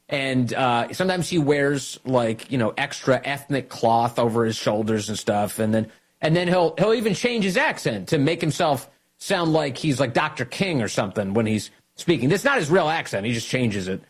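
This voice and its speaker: A husky man hosting political talk radio, his pitch swinging widely as he mocks and jabs. He talks in a combative, sneering commentary style. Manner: mocking, combative, animated delivery. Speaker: radio host.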